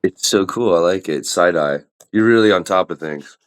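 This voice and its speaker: A man's voice: low-pitched, normal speed, clean tone. A man co-hosting a podcast, joking and rambling through casual chat. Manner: joking, rambling, goofing around. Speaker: podcast co-host.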